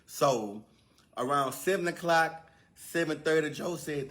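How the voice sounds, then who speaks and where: A man's voice: a little high, a little slow, fairly bright tone. A man casually telling a comedic story in slangy speech, with repeated words and asides to the listener.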